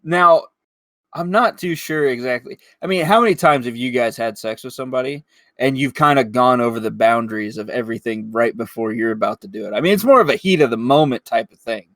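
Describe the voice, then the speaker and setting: A man's voice: mid-range voice, animated, fairly quick, fairly bright tone, no room sound, studio quality. A young man co-hosting a podcast, blunt and wisecracking in casual chat. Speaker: podcast co-host.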